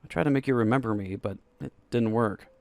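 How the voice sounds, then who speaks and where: Man voicing a low, rough-voiced insomniac lover. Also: fairly quick, darkish tone, no room sound, soft background music, lightly acted. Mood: confessing. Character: brooding young man with insomnia, pleading.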